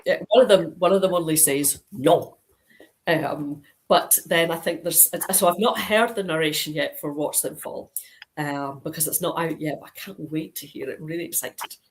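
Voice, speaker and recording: A middle-aged crime author from Dundee, Scotland, guests on a casual video-call interview in a deep voice at a moderate pace. The audio is poor, and she rambles with lots of ums and restarts.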